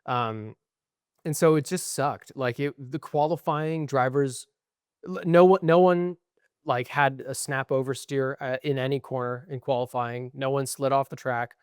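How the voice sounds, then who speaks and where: A man's voice: medium pitch, steady tone, measured pace, clear, resonant tone, no echo, clean studio sound. Profane, ranting young man. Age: young adult. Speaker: podcast co-host. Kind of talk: casual chat.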